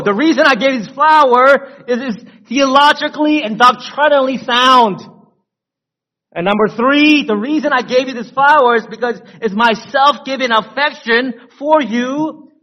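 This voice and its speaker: A preacher acting out a husband with flowers. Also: male voice, very high-pitched, sharp tone, pitched above the performer's own voice, exaggerated voice. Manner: explains himself in quoted lines. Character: husband giving his wife anniversary flowers. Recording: dull lo-fi recording.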